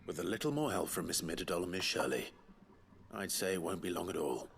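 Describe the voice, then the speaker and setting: An actor playing an easygoing, fatherly engineer with a relaxed, dryly teasing delivery. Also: low-pitched, brisk, creaky, a little hiss or hum.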